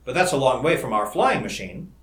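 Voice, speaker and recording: A man's voice: mid-range voice, big pitch swings, fairly bright tone. A man reading an eager young scientist. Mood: excited. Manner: eager, rapid enthusiasm. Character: bright, excitable young male scientist. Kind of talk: audiobook character reading. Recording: roomy echo.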